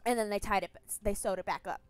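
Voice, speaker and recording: A young woman streaming a story game, chatting casually, swearing freely and thinking out loud. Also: medium pitch, fairly even intonation, fast talker, clean tone, no room sound, soft background music. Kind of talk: casual gameplay commentary.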